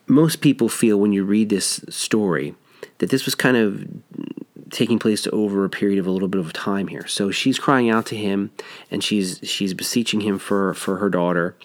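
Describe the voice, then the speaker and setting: A man's voice: on the low side, normal speed. A man teaching through a Bible passage verse by verse in a conversational, explanatory way, with frequent restarts.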